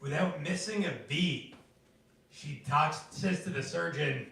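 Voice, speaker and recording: A man doing stand-up at an open mic, telling stories in an animated way and jumping into high voices for the people he quotes. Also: slow pace, gravelly. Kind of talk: stand-up storytelling. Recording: echoey room, from a distance.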